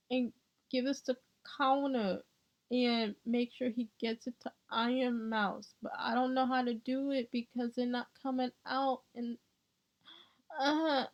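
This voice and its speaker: A woman's voice: high-pitched, steady tone, slow, pitched above the performer's own voice. A woman voicing an eager young man fan who worries about delivering a gift. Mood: anxious. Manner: pleading, anxious. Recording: dull lo-fi sound.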